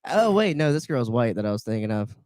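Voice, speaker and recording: A man's voice: medium pitch, big pitch swings, quick pace, darkish tone, no echo. A man co-hosting a podcast in casual chat, rambling and repeating himself as he builds a point. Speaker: podcast co-host.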